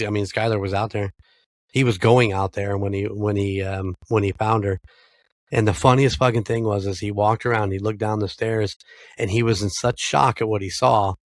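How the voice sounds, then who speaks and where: Low-voiced American man telling a family story. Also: no room sound. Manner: storytelling, swears freely, acts out quoted lines. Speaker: podcast co-host. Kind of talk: casual chat.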